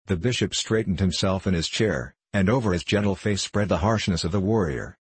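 Deep, husky male audiobook narrator. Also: no room sound. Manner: steady, measured reading.

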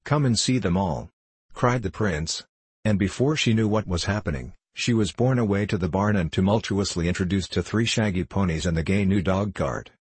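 A man narrating a classic novel in a measured storytelling manner. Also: sits low, slightly rough, dry recording. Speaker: audiobook narrator.

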